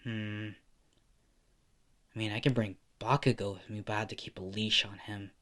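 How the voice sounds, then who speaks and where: A man voicing a mild teenage boy in an amateur fan story, hesitant and halting in speech. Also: lowish voice, little pitch movement, fairly bright tone, lightly acted.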